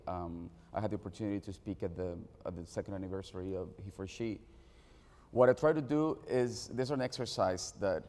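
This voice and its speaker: A man on a panel telling a personal anecdote, halting and full of repeated restarts, in a reverberant hall. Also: sits low, a little mellow. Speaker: panel speaker. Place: press launch event.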